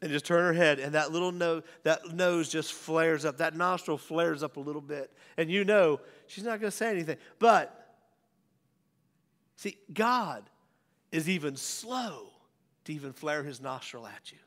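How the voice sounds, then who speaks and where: A male pastor preaching a sermon, swinging from raised declarations to hushed near-whispers. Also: fairly high pitch, measured pace. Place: church sanctuary. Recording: church hall reverb.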